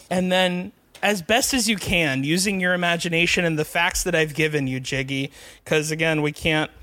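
A man's voice: high-pitched, fairly bright tone, dry recording. A man hosting a casual podcast, enthusiastic and laughing often. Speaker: podcast host. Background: faint music.

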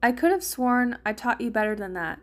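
A woman's voice: fairly high pitch, expressive, brisk, natural voice. A woman voicing a grumpy young man who complains and bickers, reading fan fiction aloud. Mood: complaining. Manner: complaining, sarcastic.

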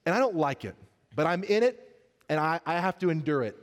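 A man as pastor, preaching a sermon, telling a funny story and then turning earnest and soft. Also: fairly high pitch, big pitch swings, fairly quick, big-room sound.

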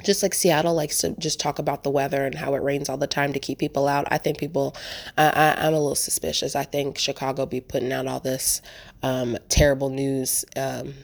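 A woman's voice: a bass voice, little pitch movement, fairly quick, creaky. A woman hosting a travel podcast, talking casually and rambling with lots of "like" and "um" as she speaks straight to her listeners. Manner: chatty, rambling, frequent "like" and "um", addresses listeners as "y'all". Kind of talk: casual solo podcast monologue.

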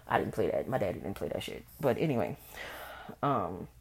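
A young woman hosts a solo podcast. She talks candidly and expressively. She acts out old conversations in a raised, animated voice. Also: very deep voice, fairly quick, vocal fry. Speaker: podcast host. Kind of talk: casual solo podcast monologue.

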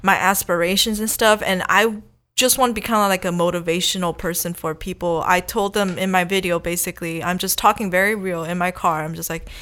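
A woman's voice: lowish voice, steady tone, brisk, fairly bright tone. A young woman talking as a guest on a casual podcast, chatty and upbeat, with many "you know"s and "like"s. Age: young adult. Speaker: guest, competitive eater and food creator.

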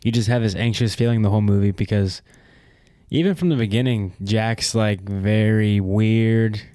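Male podcast co-host, somewhat low voice, blunt joking banter, dry close sound. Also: normal speed, mellow, no room sound. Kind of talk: casual chat. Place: studio. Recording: dry close studio mic.

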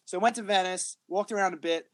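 High-voiced Australian man, lively storyteller. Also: fairly quick. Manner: animated storyteller, acts out dialogue, laughs often. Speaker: podcast co-host. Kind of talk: casual banter.

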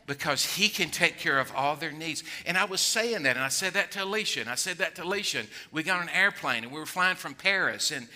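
An older man preaching a sermon, acting out worried voices, then dropping low to draw listeners in. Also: expressive, fast, few pauses, pushed and bright. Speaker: pastor.

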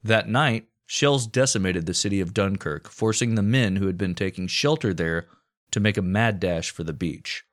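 Male podcast co-host, lowish voice, casual profane history narrator. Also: moderate pace. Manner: storytelling with crude jokes and profanity.

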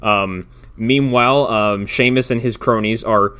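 A man's voice: lowish voice, fairly even intonation, measured pace, sharp tone, clear, resonant tone. A man in casual podcast chat, recapping a film with lots of swearing and fillers. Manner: profane, rambling, fillers. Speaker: podcast co-host.

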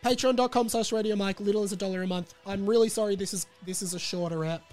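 A man hosts his own podcast with a sore, sick throat. His voice sits high and he rambles in a playful, animated way. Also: fast, soft background music. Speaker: podcast host. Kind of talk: casual solo podcast chat.

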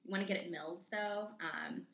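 A woman's voice: mid-range voice, brisk, a bit bright. A young woman guest giving earnest, informative nutrition tips in a casual chat. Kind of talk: casual explaining. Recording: echoey room with faint noise.

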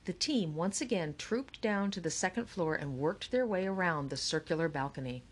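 A woman narrating an audiobook in an expressive, animated manner. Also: low-pitched, moderate pace. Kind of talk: scripted narration.

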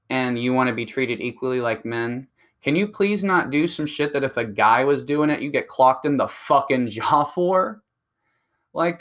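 A man's voice: medium pitch, a bit bright. A man delivering a profane, combative ranting monologue that speeds up when he gets heated. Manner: crude, combative, and provocative.

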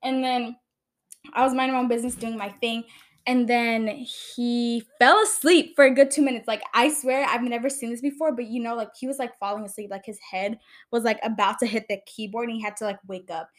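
A woman's voice: a little high, fairly even intonation, a little fast. Blunt, chatty young woman ranting. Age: young adult. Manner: chatty, blunt and exasperated, swears freely. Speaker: podcast host. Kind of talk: casual monologue podcast.

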